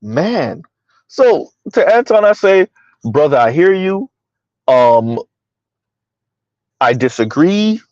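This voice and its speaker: Speaking slowly with long pauses, a man with a darkish voice and big pitch swings gives casual livestream commentary. He reads out chat, asks rhetorical questions, keeps saying "Right?", and jumps up in pitch when incredulous. There's no room sound; the audio is dry, slightly dull and lo-fi.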